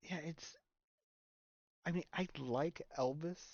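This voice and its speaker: A man's voice: on the high side, takes it slowly, a little mellow, dry recording. A man co-hosting a casual podcast chat, rambling and laughing often. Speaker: podcast co-host. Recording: dull lo-fi mic.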